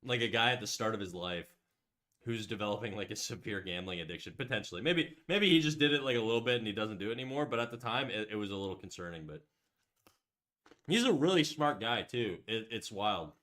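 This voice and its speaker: A man's voice: fairly low pitch, lively intonation, fast talker, fairly bright tone. A man hosting a casual livestream while drawing. He rambles and restarts, says "like" often, swears freely, and reads out and answers chat messages. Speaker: livestream host.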